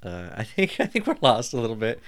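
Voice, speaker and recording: A man's voice: medium pitch, wildly swooping pitch, quick pace. A man in his thirties hosting a podcast, telling a rambling, joking story with lots of swearing. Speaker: podcast host. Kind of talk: casual storytelling.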